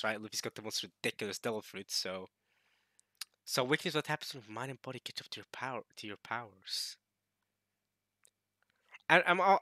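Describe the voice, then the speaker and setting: Man, casual manga reaction commentary, bright voice, excitable, dry close sound. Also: medium pitch, no echo. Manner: excitable, thinks aloud, frequent restarts.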